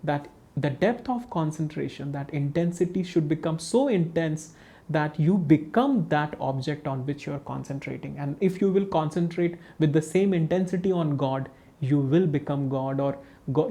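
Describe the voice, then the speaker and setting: A man speaks gently in a spiritual webinar talk. His voice is mellow and warm, and he pauses often with soft fillers. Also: a little high. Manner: gentle storytelling with hesitations. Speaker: spiritual teacher.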